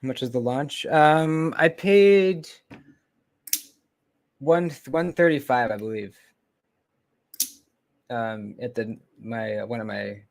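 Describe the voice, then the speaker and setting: A man chatting casually on a live stream, close to his desk microphone. His pitch sits in an ordinary middle range, and he rambles, pauses often and lets his sentences trail away. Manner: relaxed, rambling, lots of ums and trailing off. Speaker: knife channel host. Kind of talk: casual livestream chat. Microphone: close desk mic.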